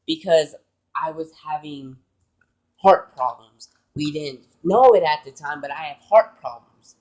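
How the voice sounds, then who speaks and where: A man's voice: a little high, poor audio. A man vlogging, telling an emotional personal story in an earnest, rambling way.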